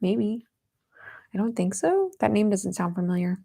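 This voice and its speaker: A woman's voice: mid-range voice, big pitch swings, moderate pace, creaky, slightly rough. A young woman in her twenties hosting a casual livestream from home, chatting with viewers and reading their comments. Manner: chatty, giggly, coos softly at her cat. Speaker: livestream host.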